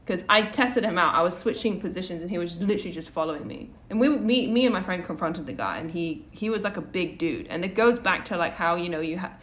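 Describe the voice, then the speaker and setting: A woman's voice: fairly low pitch, expressive, quick pace, few pauses, a bit bright. A woman co-hosting a podcast, telling a personal story in a rambling, casual way with lots of restarts and fillers. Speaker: podcast co-host.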